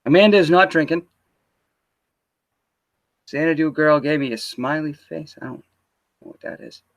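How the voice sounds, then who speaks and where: A man's voice: a little high, moderate pace. A man hosting a casual livestream interview, teasing and swearing loosely as he chats into a computer mic. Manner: teasing, profane, loose banter.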